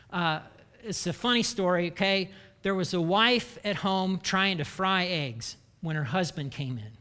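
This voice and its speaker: A man delivers a sermon, joking and acting out the voices of the people in his examples. His voice sits high for a man and has a bright, forceful edge. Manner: animated, jokey, acts out quoted voices. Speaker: pastor.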